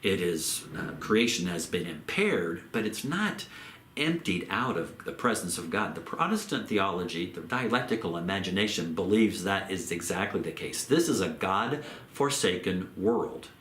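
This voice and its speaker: A man giving a theology lecture in a measured way, repeating phrases and slowing down on key terms. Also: deep voice, lively intonation, fairly bright tone, echoey room, slight background noise. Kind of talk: recorded lecture.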